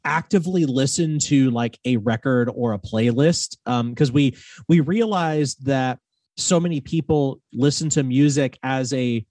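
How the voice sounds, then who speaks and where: A man's voice: mid-range voice, a little slow, no echo. A man in his thirties tells a story on a podcast, jumping into little acted voices as he goes. His voice sits in an ordinary middle register, and he sounds a little distant from the microphone in a dry, close space. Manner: animated storyteller, acts out quotes. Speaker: podcast guest. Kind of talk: casual chat.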